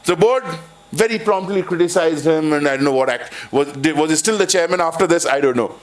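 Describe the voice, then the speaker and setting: A man's voice: fairly high pitch, brisk. A man with an Indian English accent giving a university lecture on finance, rambling with frequent restarts and telling anecdotes. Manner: rambling, many restarts and "kind of", jokey storytelling. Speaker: finance professor. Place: lecture hall.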